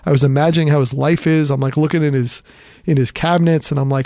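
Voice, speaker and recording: Quick-paced and slightly high, with a darkish tone, a male podcast host rambles through a long story in a casual monologue. Sick with a cough, he's self-deprecating and restarts often amid many fillers, all in a dry studio-quality recording.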